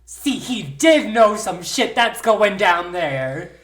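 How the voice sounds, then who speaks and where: A woman's voice: mid-range voice, very animated, slow, roomy sound. A woman co-hosting a podcast who reacts to the story with blunt, joking asides and swearing. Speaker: podcast co-host. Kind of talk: casual chat, reacting. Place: indoor podcast setup.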